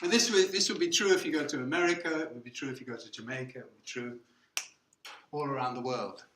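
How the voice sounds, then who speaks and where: The elderly lecturer, a man in his seventies with an English RP accent, talks quickly in a medium-pitched, fairly bright voice. Teaching his university class, he keeps asking "okay?" and drops in foreign words; the room sounds open, with slight background noise.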